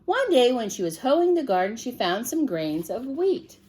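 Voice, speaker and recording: A woman reading a picture book aloud to children in a gentle, expressive way, stopping to ask the listener questions. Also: a little high, moderate pace, breathy edge.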